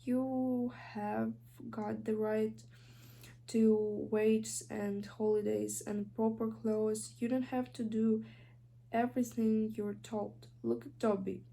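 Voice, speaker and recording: A woman's voice: fairly high pitch, flat delivery, slow, gravelly, warm tone. A woman with a Ukrainian accent reading a righteous, impatient teenage witch who lectures severely. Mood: stern.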